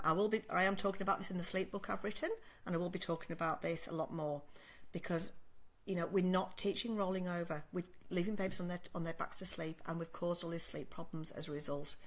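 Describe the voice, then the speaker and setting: A woman's voice: on the low side, fairly even intonation, fast talker. A middle-aged woman sleep consultant giving direct, step-by-step advice to parents, often checking in with "okay?".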